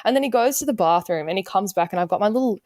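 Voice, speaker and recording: A woman's voice: medium pitch, racing, no room sound, studio quality. A young woman with an Australian accent, a podcast guest telling a story with animation and acting out the quotes. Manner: animated storyteller, acts out quotes, laughs often. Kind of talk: casual chat.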